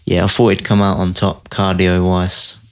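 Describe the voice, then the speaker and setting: A man's voice: sits low, monotone, moderate pace, clear, resonant tone. A young man, a mixed martial arts fighter, chatting casually as a podcast guest, laid-back and laughing easily.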